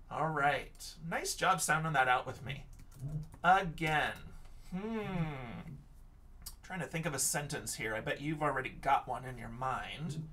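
A man's voice: fairly high pitch, animated, unhurried, sharp tone, far from the mic. A male teacher giving an online lesson for young children, patient and encouraging, sounding out words letter by letter.

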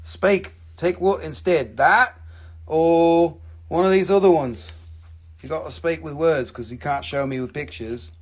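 A man's voice: fairly high pitch, a little slow. A man hosting a casual live sale, rambling and joking, swearing freely as he shows his pieces. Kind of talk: casual live sales stream.

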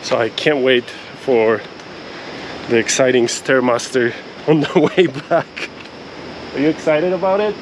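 A man's voice: mid-range voice, measured pace, background noise. A man talking casually as a travel vlogger on a trail near a waterfall, chatty and upbeat, laughing often, on a handheld camera. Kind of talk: casual vlog narration.

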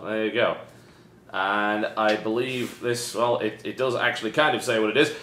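A British man with a lowish voice hosts a casual unboxing chat, his humor dry and deadpan, each sarcastic line landing flat. The room gives his voice a noticeable echo, with faint noise beneath it. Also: normal speed. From Britain. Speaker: host.

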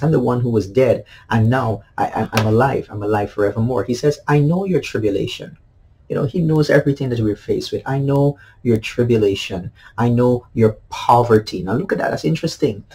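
Husky-voiced man preaching a devotional. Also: lowish voice, darkish tone, low-quality recording. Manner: earnest, repeats key phrases, many fillers. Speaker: pastor. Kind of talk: devotional sermon.

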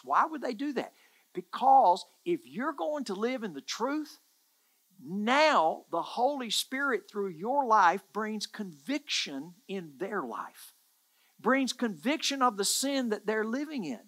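A pastor delivering an earnest sermon, pressing each point home by repeating words and phrases. The voice is bright and forceful, with a middling pitch.

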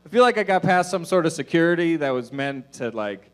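A man's voice: on the high side, quick pace. A man doing a stand-up comedy set on stage, with a loose, profane, meandering delivery full of fillers.

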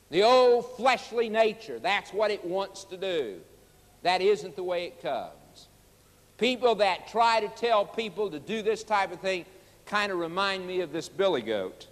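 Animated high-voiced male preacher. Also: unhurried, in a large hall. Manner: emphatic, folksy, direct address. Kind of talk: sermon.

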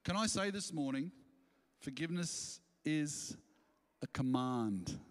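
Animated preacher in a reverberant church. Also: male voice, a little high, slow. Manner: animated preaching, acting out quotes in voices. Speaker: pastor. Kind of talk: sermon. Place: church auditorium.

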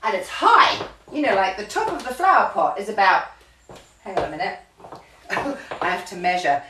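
A vlogger tells a story to her camera in a chatty, casual way, often repeating words and using gestures to describe things. Her mid-range voice swings widely in pitch at a moderate pace, against a noisy background.

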